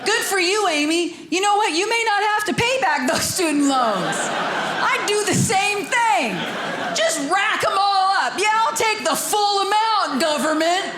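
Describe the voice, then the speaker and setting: High-voiced woman doing stand-up. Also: expressive, a little slow, crowd noise. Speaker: stand-up comedian. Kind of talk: stand-up comedy. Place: comedy club stage. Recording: noisy roomy club with loud audience.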